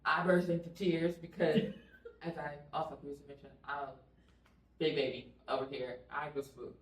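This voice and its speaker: Animated woman vlogger, roomy distant sound. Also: deep voice, moderate pace. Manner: animated, laughing, expressive. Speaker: family vlogger. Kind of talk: casual storytelling to viewers.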